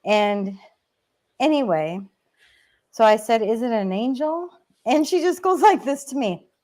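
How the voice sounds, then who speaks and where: A woman's voice: a little high, expressive, measured pace, darkish tone. A woman co-hosting a casual online chat, telling personal stories and reading viewer comments, getting emotional and laughing often. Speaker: co-host.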